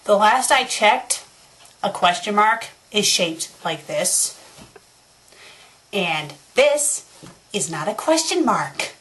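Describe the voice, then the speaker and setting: A woman's voice: medium pitch, expressive, slow pace, long pauses, a bit bright. A woman hosting a critique show, reading a bad fanfiction aloud and breaking off into exasperated, mocking rants. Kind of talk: sarcastic dramatic reading with commentary.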